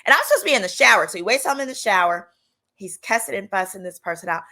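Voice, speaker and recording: A woman in her thirties from Texas telling a personal story in a casual, animated way, acting out the people she quotes. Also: mid-range voice, rapid-fire. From Texas, United States. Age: 30s. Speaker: lawyer and channel host.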